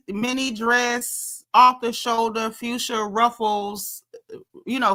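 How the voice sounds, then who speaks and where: Animated bright-voiced woman recapping gossip. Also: a little high. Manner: animated, gossipy, quotes people in lively asides. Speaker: reality TV recap host. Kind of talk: casual recap chat.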